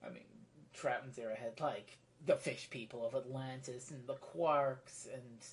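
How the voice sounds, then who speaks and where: A woman's voice: extremely low pitch, steady tone, measured pace. A woman giving a casual solo review monologue, rambling and drifting into tangents. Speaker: video reviewer.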